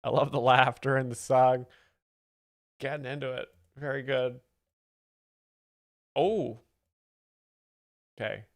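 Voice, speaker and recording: Gravelly rambling stream host. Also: male voice, medium pitch, slow pace, long pauses, dry recording, clean studio sound. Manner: rambling, amused, reacts to clips. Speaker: livestream host. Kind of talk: casual livestream commentary.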